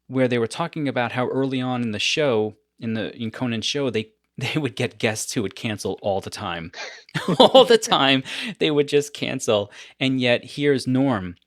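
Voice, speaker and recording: Guy hosting a podcast, chatty and lively, laughs a lot, dry close mic. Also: medium pitch, normal speed, no echo. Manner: animated storyteller, laughs often. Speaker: podcast host. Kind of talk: casual podcast chat.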